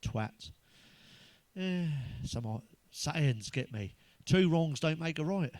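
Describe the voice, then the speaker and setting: An English man with a fairly high speaking voice fires off crude, sweary one-liners as a stand-up comic. The sound is close and dry, with no room around it. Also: lively intonation, slow pace, a little mellow, dry recording. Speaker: stand-up comedian. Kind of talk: stand-up joke routine.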